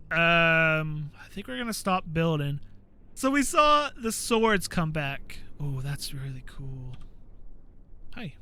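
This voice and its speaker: A man hosting a gaming channel, chatting casually while he plays and acting out quotes in a high voice. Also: pushed and bright. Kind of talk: casual commentary while playing.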